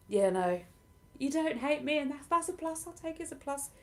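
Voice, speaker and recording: A woman's voice: high-pitched, lively intonation, a little fast. A woman from southern England with a southern English accent tinged with Lincolnshire, a livestream host chatting casually with viewers, self-deprecating and laughing often. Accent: southern English, partly Lincolnshire. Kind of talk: casual live chat answering viewer comments.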